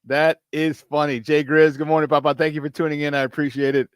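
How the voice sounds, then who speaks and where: Lively, higher-voiced male sports talk host. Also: a little fast, clear, resonant tone, dry recording, studio quality. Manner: energetic and chatty, laughs often, hypes with "baby". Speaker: former football player. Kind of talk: casual sports talk monologue.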